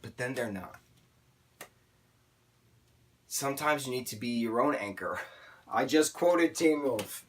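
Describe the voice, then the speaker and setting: A man's voice: lowish voice, animated, moderate pace, fairly bright tone, a little hiss or hum. A man reviewing a TV season in a casual vlog, rambling through tangents and filler words, openly emotional. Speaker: TV show reviewer.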